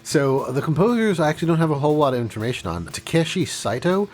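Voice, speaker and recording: A man's voice: fairly high pitch, very animated, quick pace. A man co-hosting a casual podcast about game music, chatty and a bit hesitant. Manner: chatty, hesitant, with many fillers. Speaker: podcast co-host.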